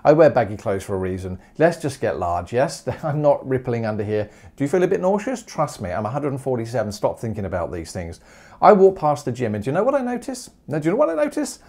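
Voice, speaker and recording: A man teaching maths in a humorous video lesson, jokey and animated, firing off rhetorical questions. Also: mid-range voice, quick pace.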